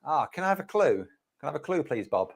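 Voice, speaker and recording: A man chatting casually as a podcast guest, playful and quick to laugh, making puns over a remote call. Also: fairly high pitch, very animated, gravelly, breathy edge. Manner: playful, punning, laughs often. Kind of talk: casual chat.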